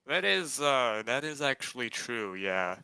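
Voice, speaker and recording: A man's voice: medium pitch, big pitch swings, unhurried, creaky, sharp tone, clear, resonant tone, dry recording. A hesitant man chatting as a guest on a stream, with short replies. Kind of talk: casual chat.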